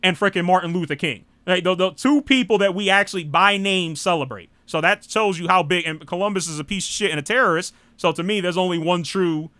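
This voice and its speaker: Brief: American male talk host, high bright voice, dry close sound, rambling and blunt. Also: a little fast, hardly any pauses, clear, resonant tone, no room sound. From United States. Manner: rambling, frequent "you know", blunt and irreverent. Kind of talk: casual live political talk.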